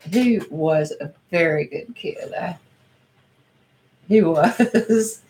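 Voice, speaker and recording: A woman's voice: lowish voice, expressive, very slow, darkish tone, rough recording. An older woman with a Kentucky accent, the host's mother, telling family stories in a plain-spoken way with laughter. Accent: Southern US, Kentucky. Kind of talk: casual family chat, storytelling.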